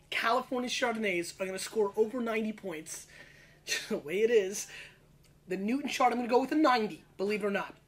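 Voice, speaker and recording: This casual video wine review features a thirty-something man hosting his own show. He talks fast, brash and full of slang, riffing as he scores every bottle, in a high voice with a fairly bright tone.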